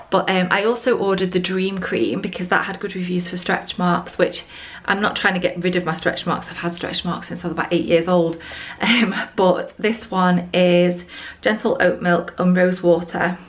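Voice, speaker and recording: A young woman chatting casually in a vlog, a bit out of breath and rambling with many fillers. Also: on the low side. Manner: rambling, full of fillers and restarts. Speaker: vlogger. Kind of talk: casual skincare vlog chat.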